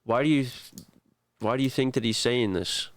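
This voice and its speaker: A man narrating a tabletop game as game master in a relaxed, rambling way. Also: medium pitch, moderate pace, no echo.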